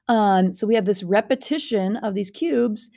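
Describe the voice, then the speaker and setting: A woman's voice: mid-range voice, normal speed, creaky, warm tone. A woman art teacher lecturing over slides, explaining step by step with fillers and small self-corrections.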